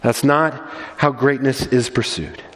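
A male pastor preaching a sermon with animated storytelling and many restarts and repeated words. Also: medium pitch, measured pace, long reverb tail.

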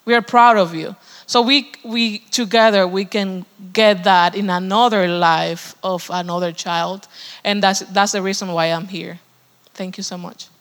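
A woman's voice: mid-range voice, steady tone, a little slow. Earnest woman testifying in an echoing hall. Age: 30s. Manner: earnest, heartfelt, with frequent restarts. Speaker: guest speaker. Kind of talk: personal testimony in a church service. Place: church sanctuary. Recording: long reverb of a large hall.

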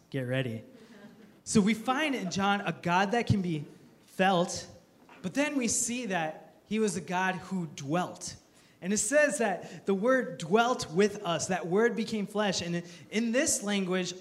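A male pastor preaching a sermon, telling stories with lively, self-mocking humor and earnest emphasis. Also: high voice.

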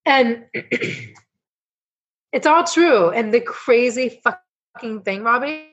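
A middle-aged woman, a coach and founder, telling personal stories as a podcast guest, emotional and swearing freely as she rambles with quick restarts. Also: fairly high pitch, animated, a bit bright, highs cut off. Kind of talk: candid storytelling interview.

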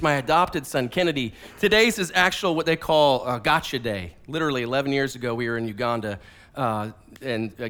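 A man in his forties preaching a casual sermon, telling family stories in a conversational, animated way with many fillers and restarts. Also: on the high side. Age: 40s. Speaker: pastor.

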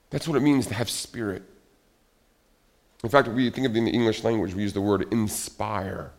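Male pastor, middle-aged, low voice; casual animated sermon that slips into acted-out asides. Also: normal speed. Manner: animated, conversational, acts out little scenes.

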